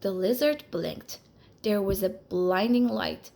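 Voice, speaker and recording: A woman reading a children's picture book aloud in a slow, expressive storytelling manner. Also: medium pitch, vocal fry.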